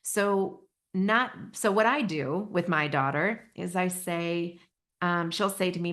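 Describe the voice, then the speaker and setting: Woman, middle-aged, podcast host, gentle, earnest, slightly low pitch. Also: steady tone, moderate pace. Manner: gentle, earnest, many restarts. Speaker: podcast host, intuition teacher. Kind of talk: podcast talk.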